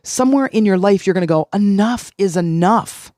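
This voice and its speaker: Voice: medium pitch, normal speed, a little mellow, no echo, studio quality. A middle-aged podcast host giving a self-help talk, earnest and repeating key phrases for emphasis.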